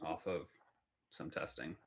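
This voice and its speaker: A man's voice: extremely low pitch, measured pace, a little hiss or hum. A man hosting a live trading stream, chatting casually, cursing often and laughing easily. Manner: profane, laughing, reacts to chat.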